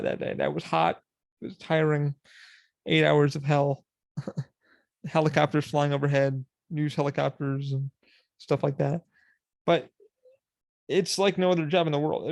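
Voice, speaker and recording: A young man hosting a podcast in casual solo chat, rambling and profane, laughing and quoting people in animated voices. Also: on the high side, gravelly, dry recording. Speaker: podcast host.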